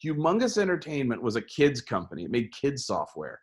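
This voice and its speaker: A middle-aged man, a game designer being interviewed, telling stories in an animated way and often restarting his words. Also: medium pitch, brisk, husky. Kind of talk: storytelling interview talk.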